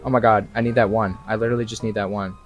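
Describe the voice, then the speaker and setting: A young man doing live commentary on a horror game, excitable and swearing freely, talking straight to the characters and breaking into sudden yells. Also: fairly low pitch, very fast. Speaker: streamer. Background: faint game music.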